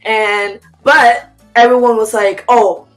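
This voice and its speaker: A woman's voice: fairly high pitch, soft background music, rough recording. A young woman, an interview guest, telling a story in casual chat with slang and acted-out quotes. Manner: animated, fast slangy storytelling with reenacted quotes.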